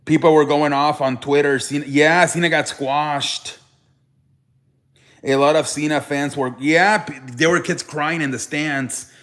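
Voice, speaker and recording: A man's voice: a little high, steady tone, measured pace, a bit bright. A young man hosting a casual live stream, rambling and restarting his sentences as he reacts to chat. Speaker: live show host. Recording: echoey room.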